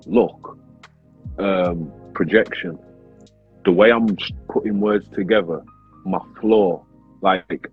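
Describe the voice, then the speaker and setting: A man, a grime artist and battle rapper telling a story in a casual interview, animated, swearing often and saying "bro" all the time. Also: deep voice, breathy edge. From Leeds, England. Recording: tinny phone-like sound with faint music.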